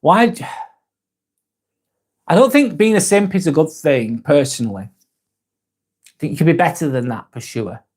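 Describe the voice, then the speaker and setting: A man in his forties with a Northern English accent talks casually on a live stream, reading out viewer comments. His voice sits a little high for a man. He rambles, restarts his sentences and jokes along as he goes. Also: animated, measured pace, pauses often, a little mellow, slightly rough. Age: 40s. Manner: rambling and joking, with frequent restarts and laughs.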